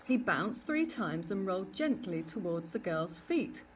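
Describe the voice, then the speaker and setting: A woman narrating a children's storybook in an expressive, animated reading. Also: medium pitch, measured pace, a little hiss or hum. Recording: distant mic with faint ambience.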